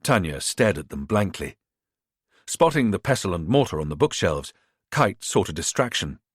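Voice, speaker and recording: A man narrating a thriller audiobook in an expressive, measured way. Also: deep voice, breathy edge, no echo, clean studio sound. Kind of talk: scripted narration.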